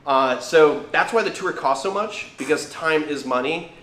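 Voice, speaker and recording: A man's voice: on the high side, moderate pace, pushed and bright, a little hiss or hum. Chatty man with an echoey sound. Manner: enthusiastic, chatty. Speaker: reptile keeper and livestream host. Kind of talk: casual livestream chat. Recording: echoey room.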